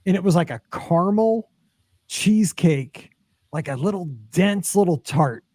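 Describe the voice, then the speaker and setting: A man in his forties hosts a podcast in a loose, chatty way, and his voice sits fairly high. He pads his stories with fillers and jumps up sharply in pitch when excited. The sound is dry and close to the mic. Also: measured pace, dry recording. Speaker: podcast host. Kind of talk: casual chat.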